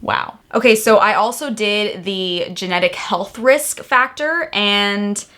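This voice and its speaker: A young woman from the United States talking candidly to camera in a casual vlog, excitable and swearing freely. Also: medium pitch, slow, faint music behind. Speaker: vlogger.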